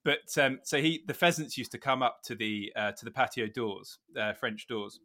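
Bright-voiced male podcast co-host. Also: medium pitch, normal speed. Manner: warm-hearted, hesitant storytelling with fillers. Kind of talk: casual podcast chat.

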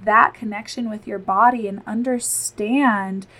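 Slow-speaking earnest woman podcaster. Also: mid-range voice, steady tone, a bit bright, poor audio. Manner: earnest, reassuring, speaks directly to listeners. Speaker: podcast host and postpartum body therapist. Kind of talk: solo podcast talk.

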